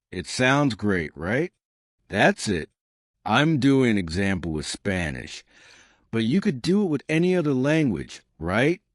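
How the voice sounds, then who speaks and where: A man's voice: medium pitch, dry recording, studio quality. A man, explaining tips for learning in a chatty manner and often checking in with "right?". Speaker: English teacher.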